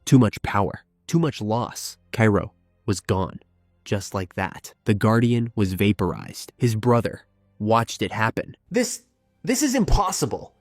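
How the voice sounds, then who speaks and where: A low-voiced man narrates an epic fan-made tale, leaning on slow, heavy pauses for drama. The recording is dry and close, with faint music underneath. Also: darkish tone, no echo. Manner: slow, emphatic, with weighty pauses. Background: faint background music.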